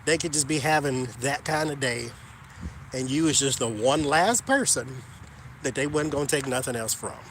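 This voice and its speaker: A man telling a story to his viewers in an animated, gossipy and emphatic way. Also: mid-range voice, normal speed, slight background noise. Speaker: vlogger. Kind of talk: casual storytelling to camera.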